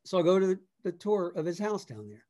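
A middle-aged man, a songwriter guest, telling a long story in a relaxed, conversational way. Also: high voice, brisk. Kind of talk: casual storytelling.

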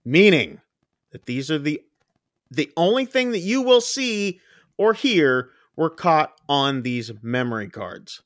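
A man's voice: on the high side, big pitch swings, slow pace, a bit bright, no room sound, clean studio sound. A man co-hosting a horror film podcast, recapping a movie in casual chat and acting out screams and quoted lines. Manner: rambling, acts out screams and quotes. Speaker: podcast co-host.

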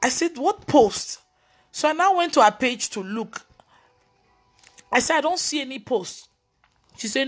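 A woman's voice: fairly high pitch, moderate pace, pauses often, faint music behind. A woman pastor preaching on a live video, telling stories and scolding with emphatic exclamations. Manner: animated storytelling, mimicking others' voices.

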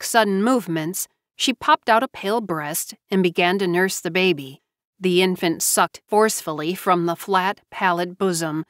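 A woman's voice: mid-range voice, fairly bright tone, no echo. Woman narrating an audiobook, dry close sound. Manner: measured storytelling.

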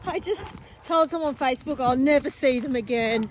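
A woman's voice: sits high, very animated, normal speed, a little hiss or hum. A woman filming on her phone outdoors in a muddy paddock, gushing and laughing in disbelief as she talks. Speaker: horse owner. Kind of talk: excited casual vlog. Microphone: handheld phone camera.

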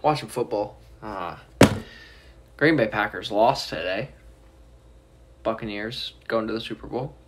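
A man's voice: on the low side, unhurried, pauses often, slight background noise. A young man talking casually and teasingly in a rambling home vlog from student housing. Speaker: vlogger.

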